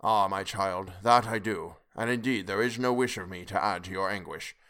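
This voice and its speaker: A man's voice: sits low, fairly bright tone, smooth. A man reading as a patient, wise old professor. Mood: measured. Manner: measured, deliberate, lecturing. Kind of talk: audiobook character reading.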